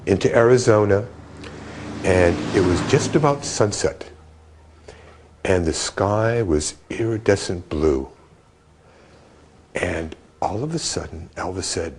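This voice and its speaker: A man interviewed for a documentary, telling a personal story in a vivid, animated way. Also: low-pitched, a little slow, pauses often, a little hiss or hum. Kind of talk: storytelling reminiscence.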